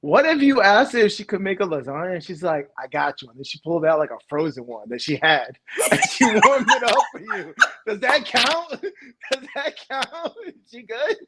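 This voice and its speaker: Husky high-voiced laughing man. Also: huge pitch swings, moderate pace, fairly bright tone. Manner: laughs often, acts out quoted voices. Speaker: podcast co-host. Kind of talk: casual chat. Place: home couch.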